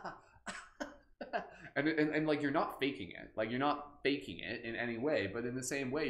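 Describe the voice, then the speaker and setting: A man's voice: fairly low pitch, a bit bright, echoey room. A man hosting a live guided meditation, playful and goofy, chatting loosely with lots of filler words. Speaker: meditation host.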